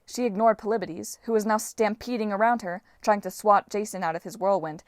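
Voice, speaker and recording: A woman narrating a fantasy audiobook in a steady, even storytelling manner. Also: mid-range voice, a little fast, few pauses, no room sound, studio quality.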